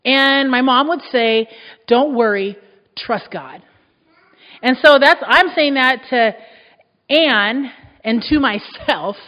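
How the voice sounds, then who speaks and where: A woman pastor preaching a sermon, emphatic and repeating key phrases, her voice rising loud and dropping soft. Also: sits high, slow. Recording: echoey hall, dull muffled sound.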